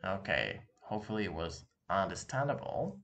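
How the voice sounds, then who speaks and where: A man's voice: deep voice, very animated, moderate pace, fairly bright tone. A man with a Russian accent, a native Russian speaker, teaching a casual online language lesson and patiently repeating words for practice. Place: room with open window, street noise behind.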